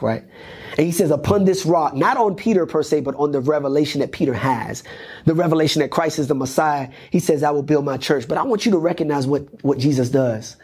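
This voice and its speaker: Husky-voiced pastor preaching. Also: male voice, on the high side, a little mellow. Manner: repetitive, emphatic preaching cadence. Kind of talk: sermon. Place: church.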